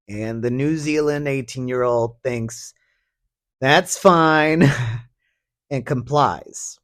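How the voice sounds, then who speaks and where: Extremely slow, with long pauses, a man's mid-range, fairly bright voice carries his solo podcast. He talks through a story casually, rambling in a profane, sardonic way laden with fillers.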